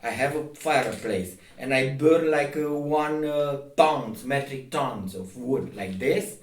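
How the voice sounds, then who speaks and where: A man's voice: medium pitch, takes it slowly. Insistent man talking from across a roomy space. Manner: repetitive, restarts often, insistent. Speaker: video host. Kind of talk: casual explaining to camera. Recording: roomy echo, distant from mic.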